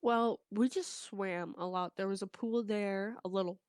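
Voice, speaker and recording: A woman's voice: mid-range voice, unhurried, clean tone, no echo, studio quality. A woman telling a funny story in casual chat, acting out the people in it. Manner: animated anecdote telling with quoted voices. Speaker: co-host.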